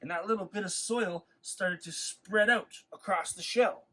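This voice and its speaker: A man telling a traditional legend to schoolchildren in an animated, expressive way. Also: high-pitched, unhurried, poor audio. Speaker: storyteller.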